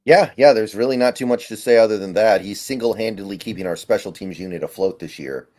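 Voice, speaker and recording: A man with a fairly low voice lays out his opinions plainly and without fuss. He sounds matter-of-fact, a guest weighing in on a casual sports talk stream. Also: quick pace, a little mellow. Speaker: guest analyst.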